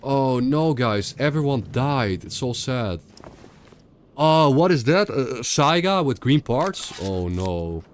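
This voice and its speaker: A young man streams a video game with casual commentary, rambling, sarcastic, and often repeating himself. His medium-pitched voice is sing-song and slow, with slight background noise.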